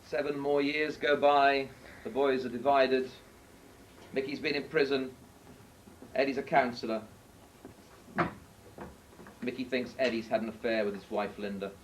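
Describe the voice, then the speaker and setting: A teenage boy as a slow, solemn stage narrator. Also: mid-range voice, fairly even intonation, close to an everyday voice. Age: teens. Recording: distant with faint noise.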